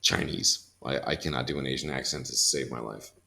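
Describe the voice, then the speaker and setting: A man's voice: a bass voice, steady tone, creaky, pushed and bright. A man in his thirties, a podcast guest chatting casually, often breaking into laughs and restarting his sentences. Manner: laughs often, talks in quick bursts with restarts. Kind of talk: casual conversation.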